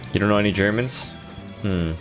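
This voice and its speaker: A man with a lowish voice chats fairly quickly while streaming a game, with faint music behind him. He's laid-back and rambling, thinking aloud as he plays.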